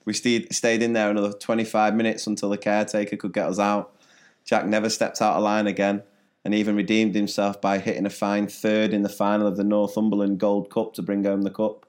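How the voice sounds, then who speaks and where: A man's voice: fairly low pitch, completely flat delivery, fairly quick. A man, a teacher co-hosting a podcast, telling classroom stories in a dry, joking way. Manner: dry storytelling, laughs at own jokes. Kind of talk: casual storytelling chat.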